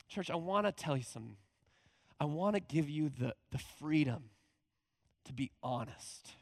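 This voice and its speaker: A man preaching a conversational sermon as pastor, animated, often acting out quoted voices. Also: fairly high pitch, moderate pace, long pauses, no echo.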